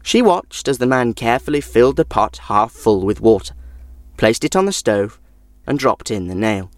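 Expressive, lively storyteller. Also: medium pitch, moderate pace, dry recording. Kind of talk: children's story narration.

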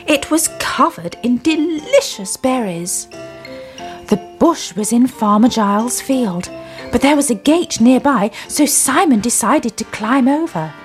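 A woman reading a children's story aloud in an expressive, sing-song way. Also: on the high side.

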